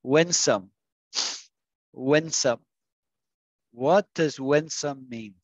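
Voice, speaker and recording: A man teaching an English vocabulary lesson in an online class, patiently coaxing students and modelling pronunciation slowly. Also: medium pitch, no room sound, dull audio. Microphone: video call.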